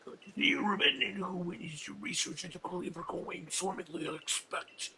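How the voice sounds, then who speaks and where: A man's voice: high voice, fairly even intonation, moderate pace, gravelly, over a noisy crowd. A man voicing a genteel, chatty male professor with polite, old-fashioned phrasing. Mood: curious.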